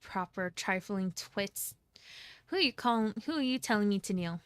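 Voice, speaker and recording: A woman's voice: medium pitch, animated, normal speed, smooth, no echo, lightly acted. A woman reading the lines of a brash, hot-tempered young man who speaks bluntly with slang. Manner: blunt, swears, British slang.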